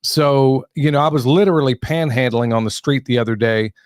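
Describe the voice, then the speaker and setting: A man's voice: medium pitch, brisk, no echo, studio quality. A man hosting a podcast interview, chatting casually and rambling with repeats and laughs. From Western North Carolina. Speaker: podcast host.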